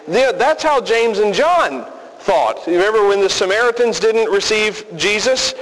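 A man preaching a sermon as pastor, emphatic and deliberate with folksy asides, recorded in a reverberant hall. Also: high voice, lively intonation, fairly bright tone.

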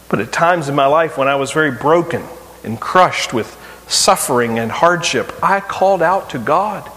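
A middle-aged man preaching a sermon as pastor, pressing rhetorical questions and swinging between loud and hushed delivery. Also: fairly high pitch. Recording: long hall reverb.

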